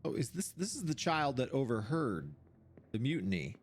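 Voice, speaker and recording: An animated streamer, thinking aloud while playing a game, voice jumping up high when surprised. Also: moderate pace, breathy edge, soft background music. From Seattle area, USA. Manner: animated, puzzling things out, sudden jumps to high pitch.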